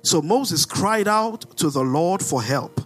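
Animated high-voiced Nigerian preacher. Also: male voice, slow, faint music behind. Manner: animated preaching, rhetorical questions, sudden shouts. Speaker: pastor. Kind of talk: sermon.

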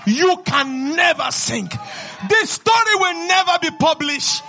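A man preaching a sermon in church as pastor, shouting fervently to the congregation. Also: very high voice, animated, slow, vocal fry, faint music behind.

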